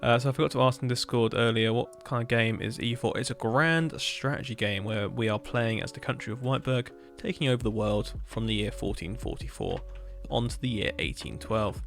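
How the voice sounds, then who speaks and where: A man streaming a building game, chatting casually and rambling with dark jokes. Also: medium pitch, brisk, gravelly, hardly any pauses, soft background music. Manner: rambling, joking, darkly humorous. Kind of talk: casual chat while gaming.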